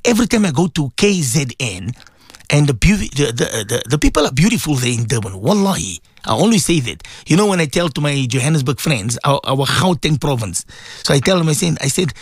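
A middle-aged man hosts a call-in radio show, chatting and rambling and greeting his listeners one by one. His voice sits a little high for a man and swings widely in pitch. The studio sound is close and dry. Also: sing-song, brisk, slightly rough, no echo. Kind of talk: casual call-in radio chat.

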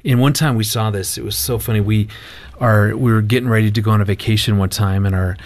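A middle-aged man, a marriage counselor guest, telling a family story in casual talk, animated with halting restarts. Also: on the low side.

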